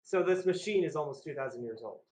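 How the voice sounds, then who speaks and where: Male player, higher voice, narrating his character in third person, recorded in an echoey room. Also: lively intonation, fast, a little mellow. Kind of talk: playing a character in a tabletop game.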